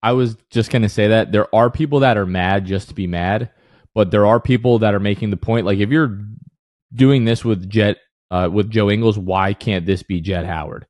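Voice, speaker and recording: A man's voice: on the low side, moderate pace, darkish tone, no room sound, clean studio sound. A man co-hosting a casual sports podcast who rants with heat, then apologizes for it half in jest. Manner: heated, ranting, then mock apologetic. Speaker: podcast co-host.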